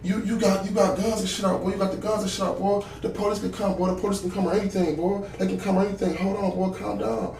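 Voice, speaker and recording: A man voicing a nervous young armed man who pleads for calm in a hushed, repetitive way. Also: sits high, fast, vocal fry, hardly any pauses, reverberant, distant mic, a little hiss or hum, pitched above the performer's own voice. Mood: pleading.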